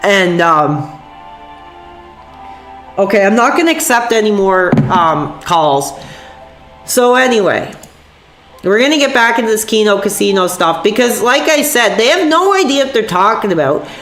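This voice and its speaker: A woman's voice: medium pitch, big pitch swings, normal speed, pauses often, a bit bright. A woman streamer, sick with a sore voice, ranting angrily and profanely to her chat. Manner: angry, profane, rambling. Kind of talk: livestream rant to chat. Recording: echoey room with faint music.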